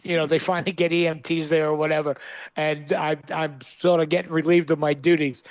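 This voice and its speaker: A man's voice: fairly high pitch, little pitch movement, fairly quick, dry recording. Man telling a punchy comic story. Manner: punchy comic delivery with acted-out quotes. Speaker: guest comedian. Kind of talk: animated storytelling. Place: studio.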